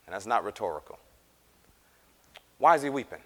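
A man teaching a Bible class, animated and acting out the scripture characters as he reads. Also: lowish voice, normal speed. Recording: reverberant room.

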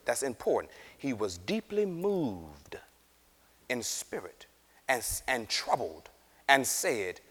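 A man teaching a Bible class, animated and acting out the scripture characters as he reads. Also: medium pitch. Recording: reverberant room.

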